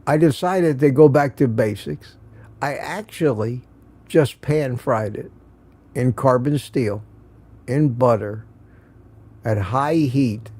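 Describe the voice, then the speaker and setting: A man's voice: mid-range voice, a little mellow. A man hosting a casual live morning stream, telling rambling stories, chuckling often and answering viewer comments.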